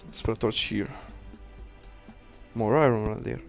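A young let's play host rambles through casual commentary as he plays a game, muttering to himself and cursing at enemies. His voice sits on the low side with some vocal fry, and faint game music plays in the background.

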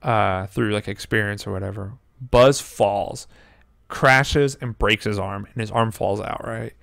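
A man in his twenties telling a story in casual chat, animated, swearing often and acting out quotes. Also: on the low side, measured pace, gravelly, no echo, studio quality. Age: 20s. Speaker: podcast co-host.

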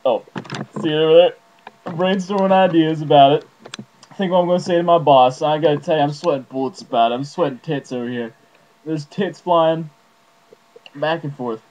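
A man rambling through an absurd comic monologue to camera, his voice jumping wildly in pitch and loudness. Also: fairly quick, low-quality recording. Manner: rambling, jumpy, wildly swinging pitch and volume. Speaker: vlogger.

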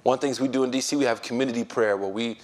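An imam giving a relaxed talk to a crowd, his voice sitting at an ordinary middle pitch. He tells his stories with lots of slang and lively energy, and he acts out what other people said as he goes. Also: very fast. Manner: animated storytelling with slang and acted-out quotes. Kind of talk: informal religious talk to an audience.

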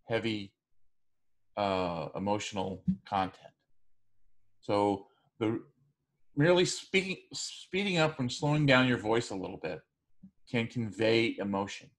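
A man giving a recorded class lecture, speaking loosely with frequent fillers and restarts. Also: mid-range voice. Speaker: teacher.

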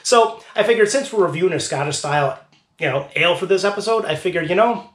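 A jokey, upbeat male host chats his way through a beer review in a hammy put-on Scottish accent. His voice sits on the high side for a man. The room around him rings with a noticeable echo. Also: animated, fast talker. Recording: roomy echo.

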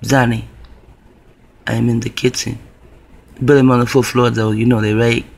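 A man voicing a creepy, raspy entity that taunts slowly and quietly from a distance. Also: little pitch movement. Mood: creepy taunting. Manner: slow, low, hushed taunting.

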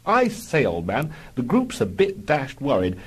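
A man's voice: medium pitch, wildly swooping pitch, a little slow, husky, voice pushed up, exaggerated voice. A man voicing Algy, a posh, nervous male RAF pilot from a comic audio story, in plummy upper-class chatter. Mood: fussing.

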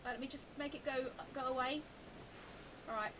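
A woman giving chatty live commentary while she plays a video game, talking to the game and rising into flustered high squeals. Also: steady tone, brisk, noisy background. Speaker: game streamer.

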